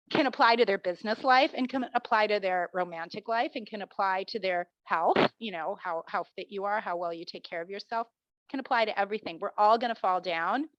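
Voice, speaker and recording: A middle-aged woman, a marketing professor, answering interview questions as an animated storyteller who acts out the people she quotes. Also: mid-range voice, no echo. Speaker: marketing professor, podcast guest. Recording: dull dry lo-fi sound.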